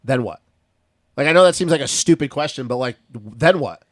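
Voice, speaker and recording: A man talking quickly on a motocross chat show, thinking out loud and circling back to his own questions. His delivery is brisk and casual, and the studio sound is tight and dry. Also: mid-range voice, expressive, no room sound. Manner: quick, musing, repeats questions. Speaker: podcast co-host. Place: small studio.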